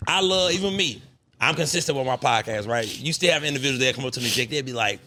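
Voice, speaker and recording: A man hosting a podcast, chatting casually and profanely, telling animated stories and acting out what other people said. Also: mid-range voice, quick pace, slight background noise. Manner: animated, profane, storytelling with quoted voices. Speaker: podcast host. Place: podcast studio.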